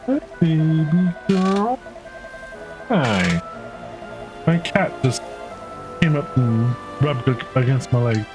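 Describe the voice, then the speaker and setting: A man's voice: fairly high pitch, very animated, takes it slowly, pauses often, music in the background. A man streaming a game, making wry, profane asides between reading the dialogue. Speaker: gaming streamer. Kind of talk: casual commentary while reading game dialogue.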